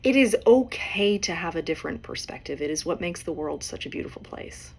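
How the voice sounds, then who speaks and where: A woman in her forties hosts a solo podcast and talks through a personal story. She speaks in a conversational way, often checking in with tag questions, and her voice sits somewhat low for a woman. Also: animated, a little fast, gravelly, darkish tone. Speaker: podcast host.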